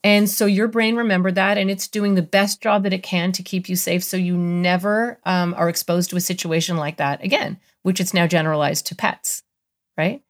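A woman's voice: on the low side, moderate pace. A middle-aged woman, a therapist, explaining ideas in a podcast interview and acting out little voices in her examples. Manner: animated, acts out voices in examples.

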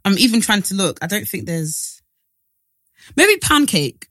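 A woman's voice: mid-range voice, sing-song, a little slow, a bit bright, dry recording, clean studio sound. A woman co-hosting a podcast, chatting casually, teasing and doing mock impressions. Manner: playful, does mock impressions, frequent "mm" backchannels. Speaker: podcast co-host. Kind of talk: casual chat.

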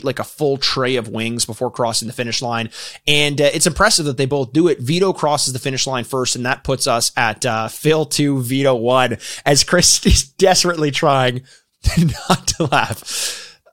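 A man's voice: medium pitch, a bit bright. A man co-hosting a casual podcast, rambling through stories with bursts of laughter. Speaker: podcast co-host.

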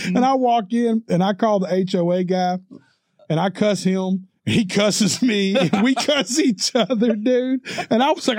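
A man's voice: high-pitched, moderate pace, darkish tone, no echo, studio quality. A man co-hosting a podcast, rambling through a crude story with frequent laughs and swearing. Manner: profane, rambling, laughs often. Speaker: podcast co-host. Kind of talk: casual storytelling.

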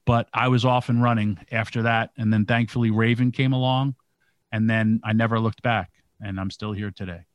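A man's voice: fairly low pitch, steady tone, moderate pace, dry recording. A man on a talk show, telling a vivid story in casual speech, with many "like"s and "literally"s. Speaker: podcast co-host telling a story.

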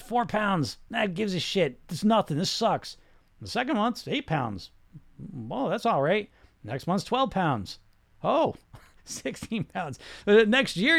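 A man's voice: sits high, no room sound. A middle-aged man who coaches weight loss, talking in a live-streamed podcast monologue, blunt and profane, firing rhetorical questions at his listeners.

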